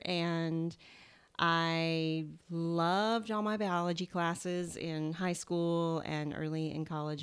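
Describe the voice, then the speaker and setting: A woman's voice: low-pitched, smooth. A middle-aged woman with a Southern US accent, a naturopathic doctor chatting as a guest in a home interview, telling her story with frequent laughs. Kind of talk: casual interview chat. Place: home, indoors.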